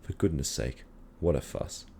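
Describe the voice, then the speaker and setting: Gruff no-nonsense dad in a kids story, man reading it, deep dark voice. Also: normal speed, slight background noise. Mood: dismissive. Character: plain-spoken practical father, middle-aged man.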